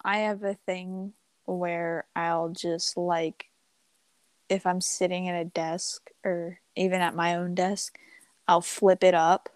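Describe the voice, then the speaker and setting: A woman's voice: on the low side, level tone, slow, clear, resonant tone, no room sound. Young woman co-host, casual, swears, scattered delivery, dry sound. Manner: rambling, swears freely, lots of fillers. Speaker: podcast co-host. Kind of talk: casual chat.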